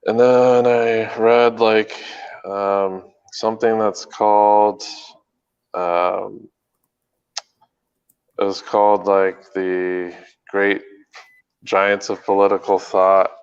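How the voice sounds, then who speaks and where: A man's voice: fairly low pitch, flat delivery, extremely slow, pauses often, clean tone, lo-fi sound. A man co-hosting a podcast, chatting casually and rambling with lots of fillers. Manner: rambling, hesitant, many fillers. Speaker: podcast co-host. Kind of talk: casual chat.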